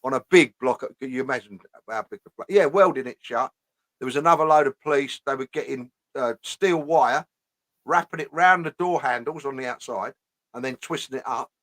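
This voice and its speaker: Casting: blunt man, mid-pitched, dry close sound, casual ranting host. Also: fairly quick, a bit bright, no room sound. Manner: blunt, swears often, repeats "you know what I mean".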